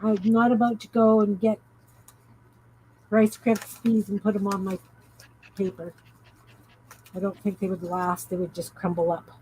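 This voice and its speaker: A woman's voice: mid-range voice, level tone, measured pace, pauses often, warm tone, a little hiss or hum, low-quality recording. A woman hosting a casual crafting live stream, tired, rambling and giggling as she chats with viewers.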